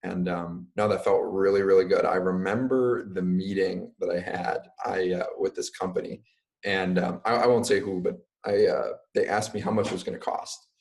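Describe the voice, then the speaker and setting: A young man answers interview questions in a loose, casual way, leaning on "um" and "like". His voice sits low and deep. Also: fairly even intonation, normal speed, vocal fry, a little mellow. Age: young adult. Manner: casual, filler-heavy, uses "like" often. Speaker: guest.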